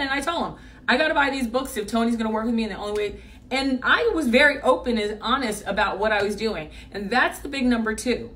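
A woman's voice: a little high, expressive, fairly quick, fairly bright tone, far from the mic. A middle-aged woman coach telling a personal story in a blunt, emphatic way, repeating her points for force. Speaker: business coach. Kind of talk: motivational storytelling.

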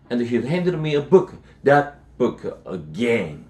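Male teacher reading a storybook aloud, halting restarts, lively pitch movement. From South Korea. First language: Korean. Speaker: English teacher. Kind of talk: reading a children's novel aloud.

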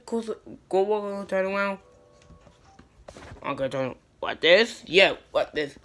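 A woman's voice: mid-range voice, lively intonation, slow pace, pauses often, fairly bright tone, a little hiss or hum. Brash, profane woman in a comedy skit. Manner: brash and profane, switching between characters.

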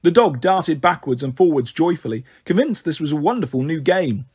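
A man reading a children's novel aloud as a storyteller, expressive and animated. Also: fairly high pitch, normal speed, husky.

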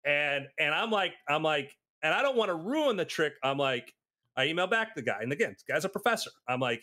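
A man in casual podcast chat, telling anecdotes and acting out the people he quotes. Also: fairly quick. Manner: animated storyteller, acts out quotes with big pitch jumps.

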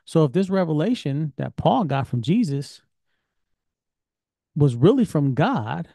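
A man's voice: fairly high pitch, very animated, unhurried, creaky, long pauses, dark tone, no room sound, studio quality. A man teaching an informal Bible study lesson, talking in a conversational, questioning way. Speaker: Torah teacher.

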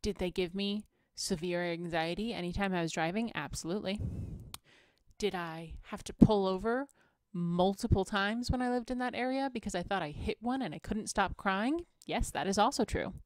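A woman's voice: mid-range voice, moderate pace, no echo, studio quality. A young woman chatting in a rambling, playful, self-deprecating way while she paints. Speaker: vlogger painting watercolors. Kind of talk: rambling casual chat.

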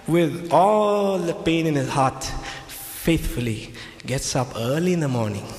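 His voice is fairly high yet darkish in tone as he delivers a Christian lecture retelling scripture. Key phrases recur, the English has a non-native cast, and the recording comes from an echoey hall with faint background ambience.

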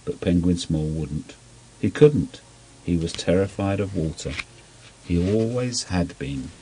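A man gently reading a children's story aloud in an unhurried storybook manner. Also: low voice, expressive, slight background noise, poor audio.

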